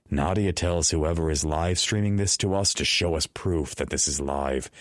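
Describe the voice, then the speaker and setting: A male audiobook narrator with an extremely deep, low voice, reading in a measured first-person style. The sound is dry and close, with no room around it. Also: no room sound. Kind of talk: scripted narration.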